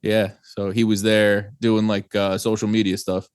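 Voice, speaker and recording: A man's voice: lowish voice, flat delivery, unhurried, smooth, no room sound, clean studio sound. A young man from New Jersey, a guest, chatting casually on a podcast in a laid-back, rambling way and swearing freely. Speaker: guest, band singer.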